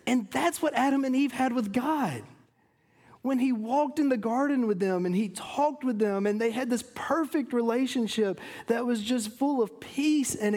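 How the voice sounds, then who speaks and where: A man in his thirties preaching a sermon to a congregation, earnest, dropping low and quiet on solemn points. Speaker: pastor.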